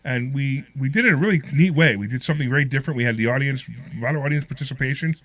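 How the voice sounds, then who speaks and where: A man's voice: mid-range voice, racing, a bit bright, dry recording. A man hosting a talk radio show, talking casually and repeating the call-in number again and again.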